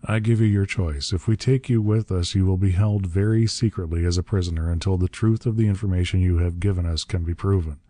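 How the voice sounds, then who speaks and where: A man voicing a calm, commanding hero who speaks quietly and deliberately in a story reading. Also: low-pitched, no echo, lightly acted. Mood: cool.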